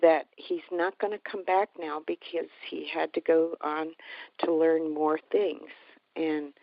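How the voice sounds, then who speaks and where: A woman tells a personal story in a low, earnest voice, pausing and restarting as she goes. The sound is dry and close, with a dull, slightly lo-fi quality. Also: little pitch movement, vocal fry, no echo. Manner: halting, heartfelt retelling with many restarts. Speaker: guest telling a personal story.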